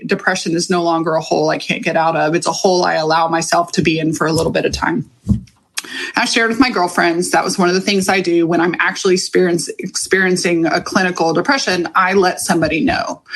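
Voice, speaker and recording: A woman's voice: medium pitch, a bit bright. Middle-aged woman coach, candid personal monologue, frank and confessional, salty language, mid-range voice. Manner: frank and confessional, swears freely. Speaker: leadership coach.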